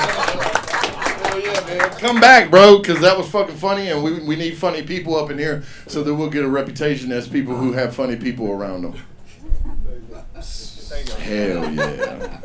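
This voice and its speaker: A man hosting an open mic comedy night, bantering with comics and the crowd in a loud, joking, profane way. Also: on the high side, measured pace, pauses often. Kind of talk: live stand-up emcee banter.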